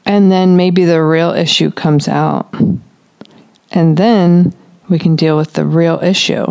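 Lady parenting coach, kinda low voice, calm and explaining things step by step. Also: slow pace, vocal fry, smooth. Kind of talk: advice talk to parents.

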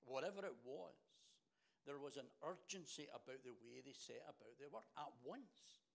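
Gravelly preacher, animated delivery. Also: male voice, mid-range voice, normal speed. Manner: animated, repeats words when excited. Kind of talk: sermon.

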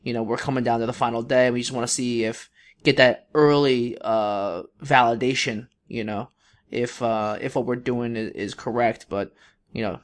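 Speaking at normal speed with medium pitch and fairly even intonation, this young man co-hosts a podcast. He meanders through a lengthy story, stumbling over fillers and restarting often.

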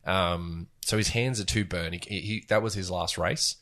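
A man with a low, deep voice, chatting casually as a podcast co-host. He rambles through stories with plenty of ums and restarts. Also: moderate pace, fairly bright tone. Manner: rambling, filler-heavy storytelling. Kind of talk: casual chat.

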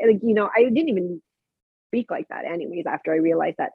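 A woman's voice: on the low side, a little fast, husky, dry recording. A woman casually telling personal stories about her spiritual practices, rambling with many restarts and fillers. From Mexican heritage, living in Canada. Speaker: guest sharing personal spiritual experiences. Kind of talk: casual conversational storytelling. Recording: dry, tinny phone-like sound.

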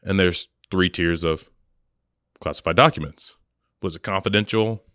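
Sarcastic, animated podcast guy. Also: sits low, moderate pace, clear, resonant tone, no room sound, studio quality. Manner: sarcastic, animated, laughs often. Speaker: podcast co-host. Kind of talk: casual podcast chat.

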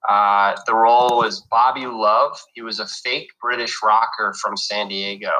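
A man's voice: fairly low pitch, fairly even intonation, unhurried, bright, forceful tone, low-quality recording. A young man from New York, an actor guest telling his story in an easygoing, rambling way. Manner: easygoing, rambling with fillers and restarts. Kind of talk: casual interview chat.

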